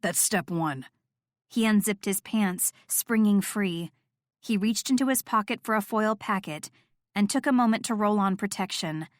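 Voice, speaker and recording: A woman with a mid-range voice reads first-person audiobook narration. Her delivery is steady and intimate. The sound is dry and close to the mic. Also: medium pitch, moderate pace, no room sound.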